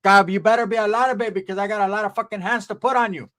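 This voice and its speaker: A foul-mouthed, hot-tempered aunt berates her nephew with curses and threats, as a man puts her voice on. The voice sits a little higher and louder than a plain man's talk, with heated, scolding force. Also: steady tone, rapid-fire. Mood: angry scolding. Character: foul-mouthed angry middle-aged aunt, woman.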